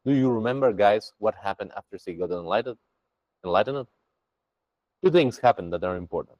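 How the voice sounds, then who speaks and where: A man's voice: lowish voice, brisk, dry recording, poor audio. A man teaching a Buddhist practice to a group over a video call, chatty and full of restarts. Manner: lively, chatty, with many restarts.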